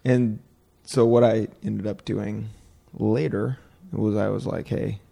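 Gravelly-voiced man, relaxed podcast host. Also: fairly low pitch, slow pace. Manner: relaxed, rambling with many fillers and quoted asides. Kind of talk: casual conversation.

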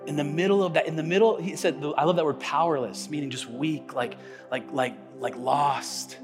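A man preaching a sermon as pastor, telling stories with animation and swinging between loud, emphatic lines and hushed ones. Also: on the high side, fairly even intonation, normal speed, in a large hall, music in the background. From United States. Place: church sanctuary.

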